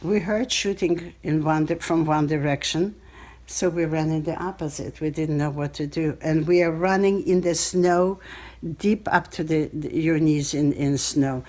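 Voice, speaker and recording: A woman in her eighties from Belarus, telling personal stories in an interview, halting and searching for words, recorded on a cell phone. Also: low voice, a little mellow. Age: 80s. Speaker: Holocaust survivor interviewee.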